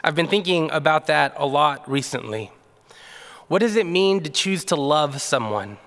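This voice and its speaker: A male pastor delivering a sermon in a relaxed, conversational way, telling a story with frequent fillers. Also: fairly high pitch, normal speed, in a large hall.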